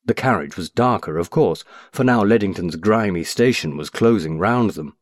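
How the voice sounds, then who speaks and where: On a close studio microphone, a man narrates an audiobook in a measured, expressive storytelling style. His pitch sits fairly low, and there's no echo.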